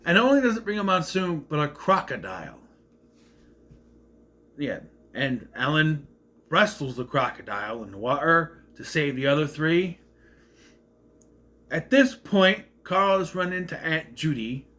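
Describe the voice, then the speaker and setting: Guy rambling thru a movie recap, lively up and down voice, kinda high. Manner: rambling, self-correcting retelling.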